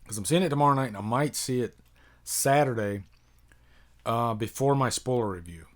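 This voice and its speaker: Speaking at a normal pace into a desktop mic, an American man in his thirties who reviews horror films on YouTube hosts a casual live-stream Q&A. He rambles and thinks aloud, with plenty of ums, asides, and fillers, while reading viewer questions in an ordinary middle-pitched voice.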